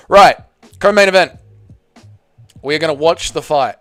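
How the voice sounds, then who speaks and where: A man hosting a live fight watch party, giving blunt, excitable casual commentary, swearing freely and reading chat. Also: fairly high pitch, moderate pace, pauses often, clear, resonant tone, no echo, faint music behind.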